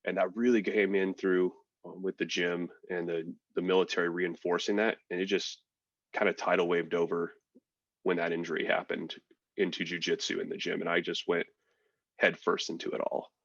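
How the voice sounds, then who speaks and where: A man with a very low voice talks through his story in a frank, easygoing way, tossing in fillers and swear words. The sound is dry and a little dull, like a lo-fi recording. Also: flat delivery, normal speed, vocal fry, dry recording. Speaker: podcast guest, military veteran. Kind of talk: casual storytelling.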